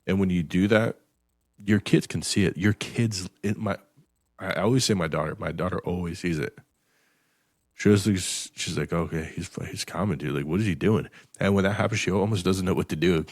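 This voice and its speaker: A man's voice: deep voice, moderate pace, no room sound, studio quality. A man hosting a podcast, talking bluntly and emphatically, swearing often and repeating words as he restarts his sentences. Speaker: podcast host. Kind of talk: blunt motivational podcast talk.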